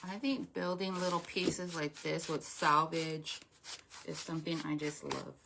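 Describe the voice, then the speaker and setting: A woman's voice: sits low, steady tone, unhurried, creaky, background noise. A woman hosting a live craft demonstration, chatting casually with viewers and greeting them by name, with a slightly stuffy nose. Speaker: craft livestream host.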